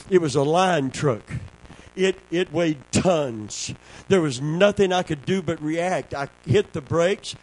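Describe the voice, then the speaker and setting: A man's voice: sits high, a little mellow, no room sound, rough recording. A man preaching a sermon to his congregation, a fervent preacher telling a personal testimony and repeating key words for emphasis. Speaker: pastor.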